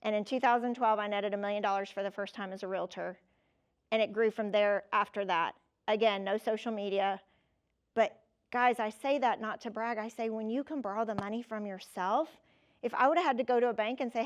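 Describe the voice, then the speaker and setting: A woman in her fifties giving a motivational keynote, telling personal stories in a lively, conversational way and talking straight to the audience. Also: medium pitch, a little fast, clear, resonant tone. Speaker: keynote speaker.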